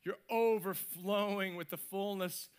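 Guy pastor preaching, kinda high voice, super animated, does little voices n sound effects. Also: measured pace, smooth. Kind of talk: sermon. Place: church stage.

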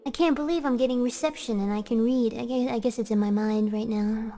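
A woman streamer with a fairly high voice who talks in a hammy, playful way, breaking into squeals and mock drama. Her voice trails off into a long, echoing reverb, as if she were in a big hollow space. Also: fairly quick, few pauses, mellow. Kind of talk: playful livestream chat.

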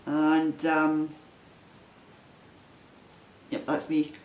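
A man's voice: fairly high pitch, monotone, drawn-out words, slight background noise. Chatty Glaswegian man, roomy echo. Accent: Glaswegian Scottish. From Scotland. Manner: rambling and chatty, with frequent restarts. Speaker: knitting podcast host. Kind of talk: casual vlog chat.

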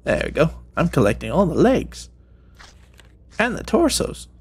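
A man's voice: fairly high pitch, huge pitch swings, unhurried, slightly rough. A man giving playful, rambling gameplay commentary, tossing jokey mock-sinister asides at game characters. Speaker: gaming video creator.

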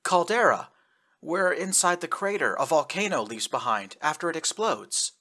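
An earnest young space adventurer, urgent and direct, as a male narrator reads him. The voice is bright and a bit husky, and the pitch moves a lot. It is an audiobook voice. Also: lively intonation, normal speed.

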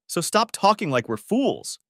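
A fierce older mother, scolding in a sharp, loud voice, her pitch swinging widely and lifted well above a man's usual register, as a male reader puts her on. Her tone is tense and forceful. It is an audiobook read with a dry, close sound. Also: big pitch swings, unhurried, dry recording, full character voice. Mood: angry. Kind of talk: audiobook reading.

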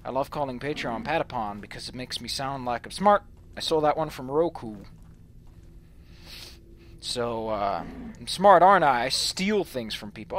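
A man's voice: a little high, sing-song, normal speed, fairly bright tone, dry recording. A man from the Netherlands, rambling and swearing goofily as he comments on his gameplay. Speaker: let's play host.

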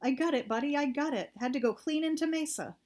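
A woman voicing an excitable, folksy young country man who talks in a rustic drawl. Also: fairly high pitch, moderate pace. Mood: cheerful.

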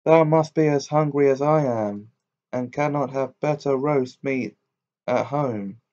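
A fearless storybook soldier speaks plainly and defiantly, close to the reader's own mellow voice, as a man reads him. The recording is dull and lo-fi, like a home reading. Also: mid-range voice, unhurried, natural voice. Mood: bold. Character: bold hungry young male soldier.

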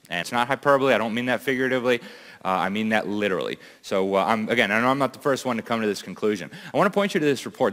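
A man's voice: medium pitch, fairly bright tone. Urgent, emphatic man in a hall. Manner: urgent and emphatic, with rhetorical questions. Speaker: conference speaker. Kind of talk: impassioned speech to a live audience. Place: large event hall.

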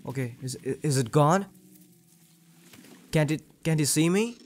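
A young man commentating his gameplay in a joking, excitable way, swearing often. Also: fairly high pitch, unhurried, a little hiss or hum. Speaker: gaming channel host.

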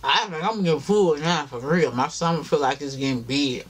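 A tired man vlogs a mukbang, talking chattily straight to viewers as y'all and chewing between his lines. His voice is on the high side and moves at normal speed.

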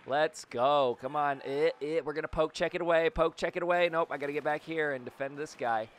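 A man giving excited, playful play-by-play of his own gameplay as host of his gaming channel, with sudden shouts. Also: on the high side, fairly quick.

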